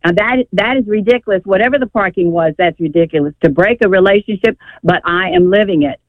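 A woman's voice: medium pitch, quick pace, dry recording. An older woman calling in to a radio show, telling her story in a rambling, emphatic way over the phone. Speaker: caller. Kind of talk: call-in radio chat. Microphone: telephone. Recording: tinny phone line.

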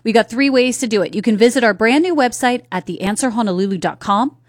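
A chatty woman radio host talks straight to her listeners in a fairly high voice, often tossing questions at them. The studio sound is close and dry. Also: fast talker, no room sound. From North Carolina. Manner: chatty, conversational, asks the audience questions. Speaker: radio talk show host. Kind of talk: solo radio talk commentary. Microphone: studio microphone.

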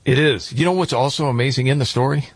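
A man hosting a talk radio show, chatty and quick with reactions and asides at a close studio mic. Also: medium pitch, a crowd in the background. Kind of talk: news talk show chat.

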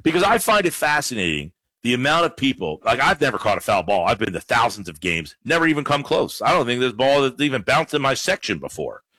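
A man hosting a call-in sports radio show, talking with callers and listeners in an animated way. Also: mid-range voice, no echo. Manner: lively, animated, quick play-by-play bits. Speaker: radio sports talk host.

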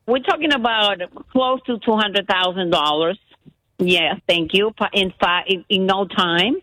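Excited woman telling her story. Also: medium pitch, a little slow, dry recording, poor audio. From Miami, Florida. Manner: animated, breathless retelling with loose grammar. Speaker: guest caller. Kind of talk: casual storytelling.

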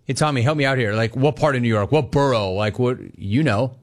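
Brash middle-aged male sports radio host. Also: medium pitch. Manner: brash, fast, animated, joking banter. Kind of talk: call-in sports talk.

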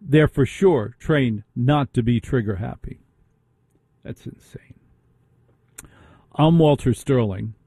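A man's voice: medium pitch, measured pace, hardly any pauses, mellow, slightly rough, no echo. A middle-aged man hosting a talk radio show, ranting with indignant rhetorical questions. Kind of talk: opinionated talk radio monologue.

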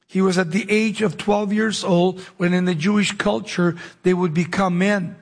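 A man preaching a sermon, telling the story with dramatic pauses and acting out the dialogue in his own voice. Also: sits high.

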